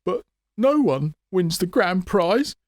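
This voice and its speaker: A greedy, cowardly fairground showman, acted by a man in a storybook reading, wheedling and oily. His voice rides high and thin above the reader's usual tone, recorded close and dry. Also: big pitch swings, slow pace, dry recording, heavily acted. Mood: whiny. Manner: wheedling, oily, turns whiny.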